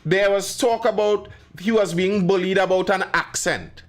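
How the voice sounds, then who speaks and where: A man's voice: high voice, fairly even intonation, moderate pace. Emphatic man hosting live. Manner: emphatic, talks to chat by name. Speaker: live show host. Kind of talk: live stream commentary.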